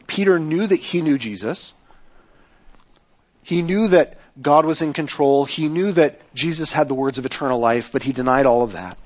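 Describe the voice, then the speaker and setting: Conversational male preacher, slightly high voice. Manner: conversational preaching, often asking "right?". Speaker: pastor. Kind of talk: sermon.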